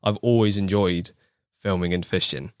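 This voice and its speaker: A man with a West Country accent chats on a podcast in a low, unhurried voice. He is easygoing and thoughtful and laughs often, and the sound is close and dry. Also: steady tone, clear, resonant tone, dry recording. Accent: West Country English. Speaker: podcast guest, angling video maker. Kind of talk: casual podcast chat.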